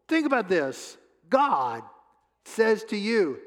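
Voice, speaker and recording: A man preaching a sermon as pastor, emphatic, repeating his words and pausing often. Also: high voice, sing-song, a bit bright. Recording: long hall reverb.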